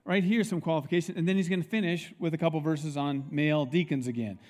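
A middle-aged male pastor preaching a sermon in a church, telling stories with lively acted-out quotes. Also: a little high, fast, faint music behind. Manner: animated storytelling, acts out quoted people.

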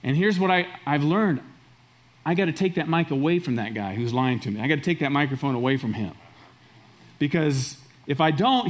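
Middle-aged male pastor, fairly high voice, emphatic sermon delivery. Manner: emphatic, repeats phrases for stress.

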